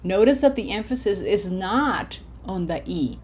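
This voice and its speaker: Slow, deliberate woman teaching pronunciation. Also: medium pitch, animated, a little mellow. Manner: slow, deliberate, checks in with "okay?"; models words clearly for repetition. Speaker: Spanish teacher. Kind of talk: recorded language lesson.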